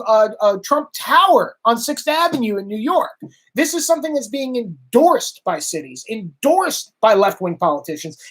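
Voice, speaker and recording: A man's voice: extremely high pitch, fairly bright tone, breathy edge. Exasperated male political commentator. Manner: sarcastic, exasperated; emphatic, repetitive.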